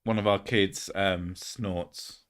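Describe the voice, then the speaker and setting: A man's voice: deep voice, steady tone, takes it slowly, fairly bright tone. A young man hosting a casual stream chat, joking, swearing often and laughing between jokes. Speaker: streamer host.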